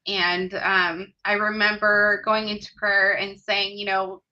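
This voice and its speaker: Bright-voiced woman telling a heartfelt story. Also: medium pitch, level tone, takes it slowly, dull audio. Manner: earnest and heartfelt, with hesitant fillers. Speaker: podcast guest. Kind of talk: personal storytelling in conversation.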